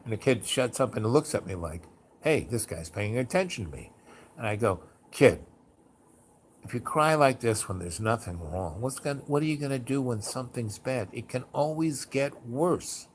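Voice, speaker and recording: A mid-range, slightly rough male voice with lively intonation carries this casual storytelling monologue at a moderate pace. The host rambles with plenty of "you know" and "like," then performs quotes in an elevated, theatrical voice.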